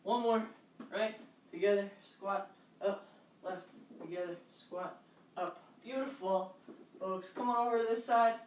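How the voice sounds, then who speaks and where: A woman's voice: medium pitch, unhurried, pauses often, darkish tone. A woman fitness instructor leads a live online workout, upbeat and encouraging as she calls out steps and counts. Her voice sits in a mid range and carries a roomy echo, picked up by a microphone some distance away. A faint hum of background noise runs underneath.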